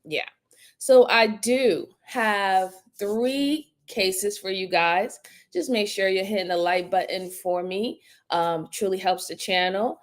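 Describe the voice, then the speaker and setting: A middle-aged woman talks casually to her livestream audience and gives heartfelt shout-outs one after another. Her voice sits at an ordinary pitch and leaps up high whenever she greets someone new. At times she sounds close to tears. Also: slow. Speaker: livestream host.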